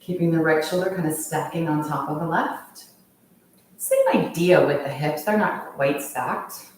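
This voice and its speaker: Echoey yoga teacher, heard from afar. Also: female voice, low voice, a little slow, slight background noise. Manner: calm, steady cueing of poses with the breath. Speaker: yoga instructor. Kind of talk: guided yoga class instruction. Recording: very echoey room, voice from far off.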